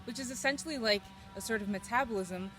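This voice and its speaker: A woman's voice: fairly high pitch, quick pace, music in the background, lightly acted. Teen girl playing a smug Soviet male scientist. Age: late teens. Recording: noisy home video recording.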